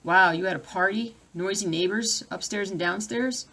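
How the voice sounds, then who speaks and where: A woman's voice: mid-range voice, moderate pace, sharp tone. A woman chatting casually on a live stream at home, reading viewer comments aloud and breaking off to deal with her dogs. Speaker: cross-stitch vlogger.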